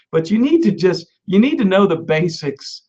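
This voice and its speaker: A man's voice: high-pitched, sing-song, unhurried, a little mellow. A man preaching as a rabbi, quoting scripture with emphatic Hebrew phrases and conversational asides. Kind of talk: sermon. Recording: dull lo-fi recording.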